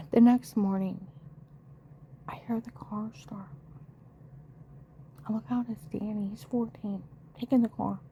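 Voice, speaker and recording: A woman's voice: medium pitch, steady tone, takes it slowly, long pauses, warm tone, a little hiss or hum. A middle-aged woman emotionally retelling a frightening family story, acting out the dialogue of the people involved. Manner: emotional, breathless retelling with frequent quoted dialogue. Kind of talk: personal testimony.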